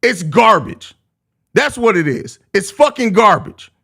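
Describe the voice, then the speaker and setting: A man's voice: high voice, very animated, a little slow, gravelly, sharp tone. A young man with a Chicago accent hosting a live postgame show, ranting heatedly and cursing. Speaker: podcast host.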